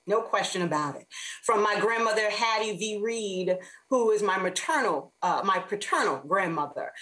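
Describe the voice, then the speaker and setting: A woman author, a guest on an interview show, telling a faith-filled personal story in an animated, expressive way. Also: mid-range voice, rough recording.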